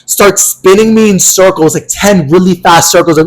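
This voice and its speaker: A man's voice: sits high, quick pace, few pauses, low-quality recording. A young man co-hosting a podcast, telling a story in a casual, dramatic way with acted-out quotes and plenty of swearing. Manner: animated, dramatic quoted voices, swears freely. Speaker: podcast co-host.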